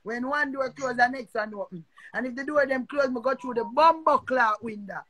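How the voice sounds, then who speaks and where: An older woman with a Jamaican accent, a social media personality, goes on a heated rant on a live stream, cursing and repeating herself confrontationally. Her voice sits high and fairly bright at normal speed.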